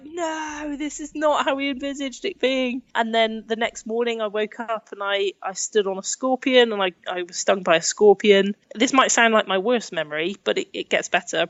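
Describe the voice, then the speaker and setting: A woman's voice: mid-range voice, a bit bright, no echo, lo-fi sound. Chatty laughing woman from England. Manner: chatty, laughs often, acts out quotes. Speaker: podcast guest, adventurer. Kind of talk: casual storytelling in an interview.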